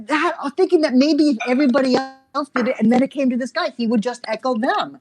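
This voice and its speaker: A woman's voice: high voice, quick pace, few pauses. A woman voice director telling recording-studio stories on a video call, acting out the lines as she goes. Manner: animated, acts out lines while telling stories. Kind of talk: anecdotal storytelling.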